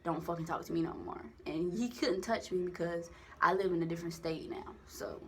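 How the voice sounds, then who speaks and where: A young woman telling a personal story to the camera in a candid, profane, animated way, acting out the voices in her quotes. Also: on the low side, fairly quick, slight background noise. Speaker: vlogger. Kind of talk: casual storytime monologue.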